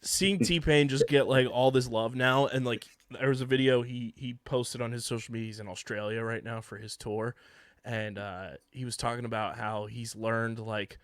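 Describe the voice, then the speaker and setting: Smooth-voiced man co-hosting a podcast. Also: medium pitch, moderate pace, no echo, clean studio sound. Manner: reels off facts in a steady list. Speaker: podcast co-host. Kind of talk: casual sports and music podcast chat.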